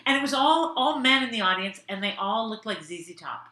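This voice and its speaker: A woman guest comedian telling a story in casual chat, animated and often laughing. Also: fairly high pitch, normal speed, roomy sound.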